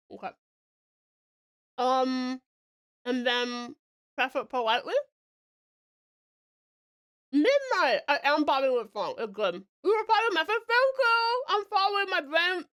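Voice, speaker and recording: A woman's voice: high-pitched, big pitch swings, a little slow, pauses often, fairly bright tone. Giggly chatty woman streamer. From Australia. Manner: chatty, giggly, talks to chat while working. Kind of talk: casual live-stream chat.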